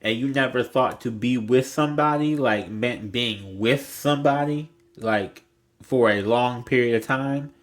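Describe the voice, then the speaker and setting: A man's voice: mid-range voice, a little slow. Blunt, rambling man reading tarot. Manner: rambling, blunt, swears freely, lots of "like". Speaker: tarot reader.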